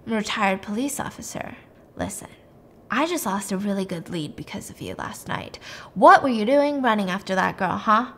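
Lady putting on a retired cop guy, low and half whispering, blunt. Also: expressive, moderate pace. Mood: hushed urgent. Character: gruff retired male detective, secretive.

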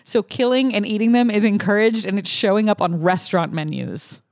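A woman co-hosting a podcast in a casual chat, with a dry, deadpan joking delivery. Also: medium pitch, a little fast, no room sound. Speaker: podcast co-host.

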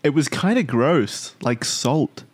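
A bored teenage girl giving flat one-word replies, as a man reads her messages aloud. The voice is lifted a little higher than usual, but it stays plain and unenthused. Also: slow pace, slightly rough. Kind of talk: dramatic reading of chat messages.

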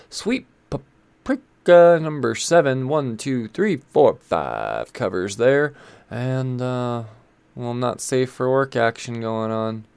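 In a dry recording, a man with a mid-range, creaky voice and a clean tone talks about comic books in a loose, chatty way. He is a comic book reviewer, and his casual chat is full of fillers with the occasional swear word.

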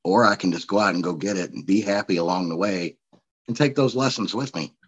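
Forties male podcast guest from Missouri, easygoing storyteller, lower register, muffled lo-fi recording. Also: brisk, husky. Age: 40s. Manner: chatty storyteller, laughs often. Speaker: guest, coach and speaker. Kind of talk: casual podcast interview.

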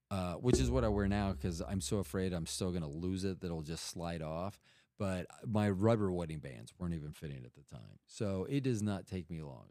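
A man's voice: low voice, darkish tone, no room sound, clean studio sound. A middle-aged man telling a rambling, profane story in casual talk, often cutting himself off. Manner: rambling, profane, self-interrupting.

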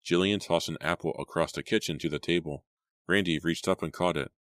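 Very deep-voiced male audiobook reader. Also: fairly quick, fairly bright tone, dry recording. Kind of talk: audiobook narration.

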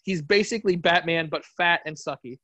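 A man's voice: on the high side, fairly quick, no echo, dull audio. A man co-hosting a podcast in casual chat, retelling stories animatedly and acting out quotes. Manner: animated storyteller, acts out quotes. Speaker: podcast co-host.

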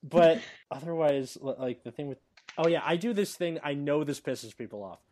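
A man's voice: fairly high pitch, moderate pace, darkish tone. A man hosting a casual podcast, joking and teasing, often stumbling over restarts. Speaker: podcast host.

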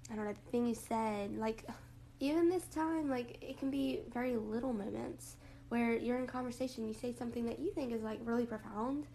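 A young woman hosting a casual reflective monologue, rambling with lots of fillers and a rough morning voice. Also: on the high side, a little fast, mellow, slight background noise, low-quality recording. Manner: rambling, lots of likes and ums. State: morning voice, throat a bit rough.

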